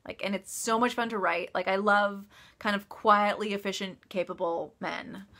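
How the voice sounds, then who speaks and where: A woman's voice: medium pitch, fairly even intonation, normal speed, noisy background. A woman author chatting casually on a live stream, answering viewer questions with frequent laughs, ums and restarts. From United States. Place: office.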